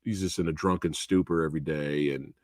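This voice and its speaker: A man hosting a live movie review, talking in a casual, animated way and slipping into exaggerated quoted voices. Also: rumbling low, a little fast, dry recording, studio quality. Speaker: host of a movie review show.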